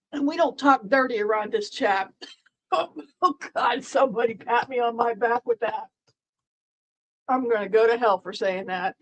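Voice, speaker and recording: A woman with a voice on the high side hosts a live stream, chatting casually with her viewers over poor audio. She rambles playfully, full of fillers and restarts, and teases the people in the chat.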